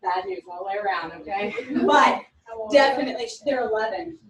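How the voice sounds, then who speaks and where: A woman in her forties teaching a class, animated and telling stories with quoted voices. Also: medium pitch, a little fast, crowd noise. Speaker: instructor. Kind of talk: classroom lecture. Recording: echoey room from a distance.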